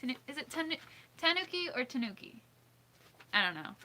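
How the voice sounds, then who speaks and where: Giggly, lively woman streamer. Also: high-pitched, a little fast. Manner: giggly, thinks aloud, second-guesses pronunciations. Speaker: livestream host. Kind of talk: casual livestream chat reading suggestions.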